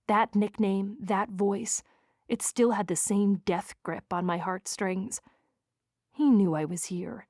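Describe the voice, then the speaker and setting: A woman narrating a first-person romance audiobook in an expressive, wry manner. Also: mid-range voice, slow, no room sound, studio quality.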